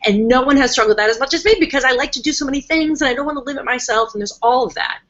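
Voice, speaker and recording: A woman's voice: high voice, very fast, fairly bright tone, highs cut off. A woman hosting a casual live-stream talk as a coach, chatty and emphatic, often acting out her clients' voices. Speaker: host and coach.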